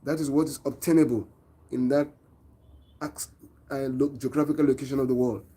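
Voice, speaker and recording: A man's voice: medium pitch, fairly even intonation, a little fast, warm tone. A man with a Nigerian accent, hosting an online show and giving an earnest, preachy opinion monologue, often asking his viewers questions.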